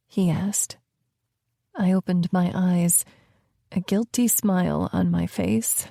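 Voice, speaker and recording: A young woman narrating a romance audiobook in the first person, slow and tender, at times near a whisper. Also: lowish voice, fairly even intonation, vocal fry, warm tone, no room sound, clean studio sound.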